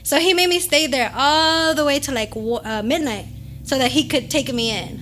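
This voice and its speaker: A woman's voice: high voice, normal speed, a bit bright, slight background noise. A young adult woman co-hosting a podcast, telling a story in casual chat with lots of swearing and laughter. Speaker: podcast co-host.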